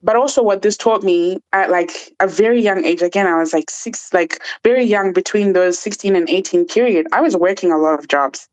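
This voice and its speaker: A woman guest telling a painful personal story in an earnest, halting way, often restarting her sentences. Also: medium pitch, rough recording. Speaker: podcast guest.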